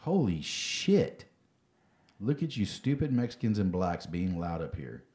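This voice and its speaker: A man's voice: low-pitched, big pitch swings, measured pace, mellow. A young man co-hosting a podcast, talking in a casual, profane, ranting way. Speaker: podcast co-host. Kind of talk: casual chat.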